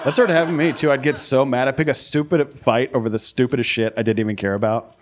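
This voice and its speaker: A man doing a crude, brash stand-up comedy set on a club stage, shouting out the voices he acts out. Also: mid-range voice, steady tone, fast talker. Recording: live club recording, crowd laughter.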